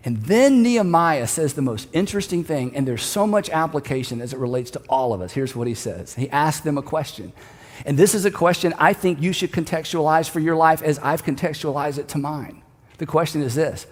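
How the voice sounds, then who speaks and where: A man's voice: a little high, very animated, normal speed, big-room sound. A man preaching a sermon, retelling a scripture story earnestly and leading listeners to repeat a line together. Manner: earnest, storytelling, leads congregation in call-and-response. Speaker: pastor.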